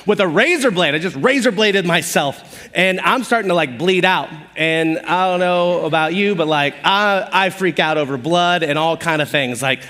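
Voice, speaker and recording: A male pastor preaching in a lively, conversational way, poking fun at himself as he tells stories. His voice sits a little high for a man. The sound carries the long reverb of a large church hall. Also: normal speed. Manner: animated, conversational and self-deprecating. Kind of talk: sermon with personal storytelling. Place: church auditorium stage.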